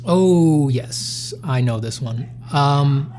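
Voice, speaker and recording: Speaking very slowly in a dark, mid-range voice, with a little hiss or hum in the recording, he draws live on stream. He jokes, rambles and downplays himself while thanking supporters and answering chat questions.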